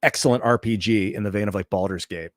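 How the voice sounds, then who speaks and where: A man's voice: on the low side, quick pace, no room sound, studio quality. A man hosting a livestream, telling a long story in a loose, profane, rambling way with many restarts. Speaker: livestream host.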